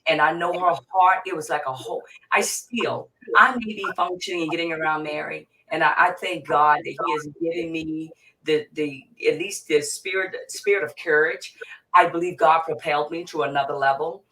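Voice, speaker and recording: Forceful woman, distant mic. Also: deep voice, expressive, normal speed. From Virginia, USA. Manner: emphatic, repetitive, impassioned. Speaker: guest, mental health therapist. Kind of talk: emotional interview talk. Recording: distant mic with faint noise.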